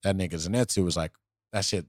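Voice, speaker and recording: A man co-hosting a casual anime podcast, talking loosely with slang and swearing, acting out quick quotes from the shows. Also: sits low, no echo, studio quality. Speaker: podcast co-host.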